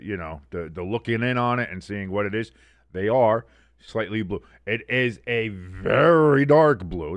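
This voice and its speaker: A man's voice: fairly low pitch, no room sound. A man hosting a live watch-along stream, mixing loose, profane chatter with casual play-by-play. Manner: rambling, profane, conversational. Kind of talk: casual live game commentary.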